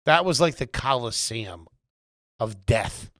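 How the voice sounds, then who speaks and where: Man, podcast co-host, deadpan teasing banter, medium voice, dry studio sound. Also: medium pitch, takes it slowly, dry recording. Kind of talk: casual chat.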